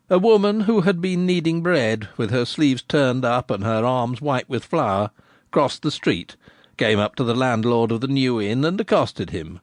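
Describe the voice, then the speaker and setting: A man reading a novel aloud with expressive storytelling narration. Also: lowish voice, moderate pace, no room sound, clean studio sound. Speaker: audiobook narrator. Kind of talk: scripted narration.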